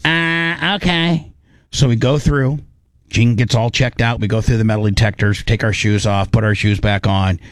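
A man's voice: mid-range voice, moderate pace, no room sound. A man telling a rambling, comic story in a casual chat. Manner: rambling, animated, restarts often.

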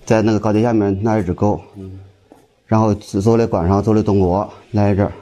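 A man's voice: lowish voice, fairly even intonation, brisk, warm tone. A man recounting events in a clip from a video report, in a matter-of-fact way. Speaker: interviewee in a news clip.

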